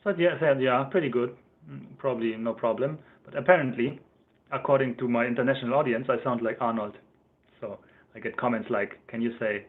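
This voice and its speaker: A German-accented man hosts a casual livestream, rambling from one thought to the next and chuckling as he goes. His voice sits at an ordinary middle pitch. The sound comes through thin and tinny, as if over a phone line. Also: brisk. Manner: chatty, rambling, laughs often, reads out chat comments. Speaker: livestream host.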